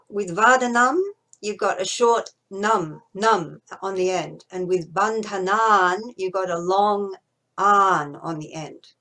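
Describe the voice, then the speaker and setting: Woman instructor, unhurried, careful diction, chants syllable by syllable. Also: medium pitch, bright, forceful tone. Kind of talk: teaching mantra pronunciation.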